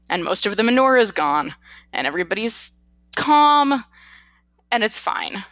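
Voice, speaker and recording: A woman co-hosting a casual podcast, telling a folk tale in a playful, animated way. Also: mid-range voice, moderate pace, dry recording. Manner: animated, playful storytelling with put-on quotes. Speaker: podcast co-host. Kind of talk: casual chat and storytelling.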